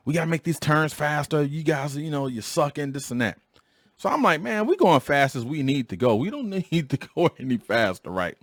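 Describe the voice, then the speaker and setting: Man in his forties, podcast host, low voice, dry close sound, animated slangy storytelling. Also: dry recording. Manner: animated, slangy, acts out quoted lines in a higher voice. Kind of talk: casual storytelling. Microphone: studio microphone.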